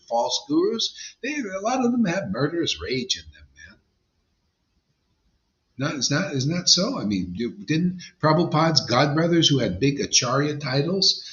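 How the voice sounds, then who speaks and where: A man whose voice is on the high side and a bit bright, a spiritual teacher, gives an informal devotional sermon. He speaks bluntly, emphatically and conversationally, and the recording has a dull lo-fi sound.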